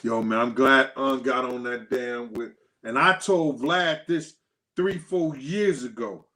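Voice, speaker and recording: A man hosting a casual livestream, telling stories with animated quoted dialogue and thanking viewers by name. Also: medium pitch, takes it slowly. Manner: animated storytelling, acts out quotes in a raised voice. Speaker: host.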